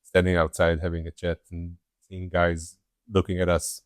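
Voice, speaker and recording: A woman's voice: a bass voice, monotone, moderate pace, no echo, studio quality. A woman co-hosting a podcast in casual chat, making self-mocking, jokey complaints. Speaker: podcast co-host.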